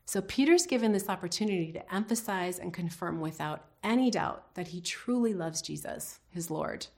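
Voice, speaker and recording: A woman's voice: on the low side, expressive, moderate pace. A woman teaching a devotional Bible lesson in an earnest, reflective way, putting questions to her listeners.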